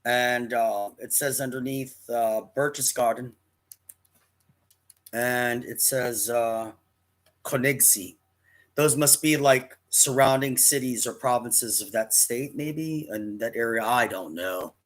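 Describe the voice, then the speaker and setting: Talking slowly in a mid-range voice, a fifty-something man shares a personal story to camera in an easygoing way. His account wanders, with frequent false starts and self-corrections.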